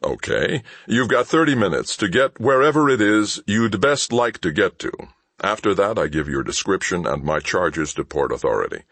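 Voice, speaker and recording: A man playing a sardonic spacefarer who threatens in an easy, conversational way, in a very deep voice. His lines rise and fall with lively inflection, recorded close and dry. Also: moderate pace, no room sound, exaggerated voice. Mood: calm menace. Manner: conversational, dryly mocking threats. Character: cool, menacing male shipmaster, sardonic and unhurried. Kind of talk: audiobook character voice.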